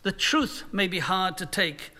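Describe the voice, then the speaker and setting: A man's voice: high-pitched, expressive, measured pace, pushed and bright. A male pastor delivering a sermon in an earnest manner, sometimes acting out imagined voices.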